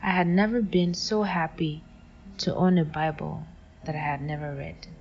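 A woman's voice: sits low, normal speed. Wry young woman telling her story. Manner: wry, animated retelling with acted quotes. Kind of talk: personal storytelling. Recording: lo-fi with faint music.

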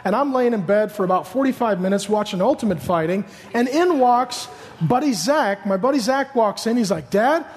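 Man, pastor, very high voice, animated joking sermon, echoing hall. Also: moderate pace.

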